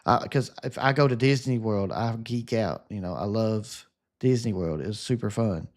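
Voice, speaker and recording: A man's voice: fairly low pitch, normal speed. A man with a Southern US accent, a gaming streamer in casual, upbeat chat, answering viewer comments in a sunny, relaxing voice.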